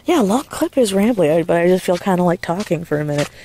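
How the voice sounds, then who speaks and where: A woman vlogging in casual chat, rambling and swearing freely, speaking in a soft hushed voice outdoors at night while walking a dog. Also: fairly low pitch, lively intonation, fast, a little hiss or hum.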